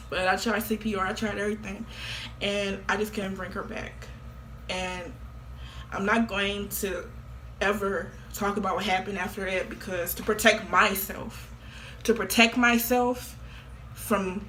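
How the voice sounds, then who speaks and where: Woman vlogger, casual and offhand, slangy and repetitive, with a bright edge. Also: mid-range voice, a little hiss or hum. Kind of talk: casual confession to camera.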